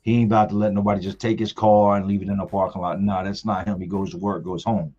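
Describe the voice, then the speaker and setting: A middle-aged father with a low, husky, warm voice tells a family story on a casual live stream, talking fast with little pitch movement and leaning on and repeating words for effect. The audio is dull and lo-fi, with faint music underneath.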